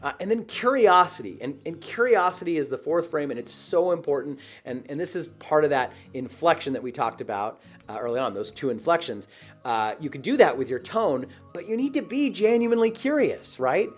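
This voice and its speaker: Male sales coach, lively and slightly husky, over faint music. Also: fairly high pitch, fairly quick. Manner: animated, acts out short example dialogues. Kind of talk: direct-to-camera sales training.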